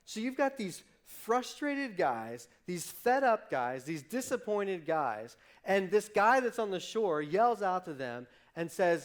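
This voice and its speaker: A male pastor giving a sermon, telling the story lively and acting out the characters' lines, with frequent restarts. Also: high-pitched, measured pace, hardly any pauses. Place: church livestream.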